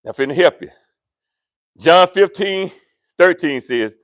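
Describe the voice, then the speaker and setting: Preacher, high and expressive, playful with his congregation, dry close sound. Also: unhurried, long pauses, dry recording. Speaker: pastor. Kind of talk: sermon. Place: church sanctuary.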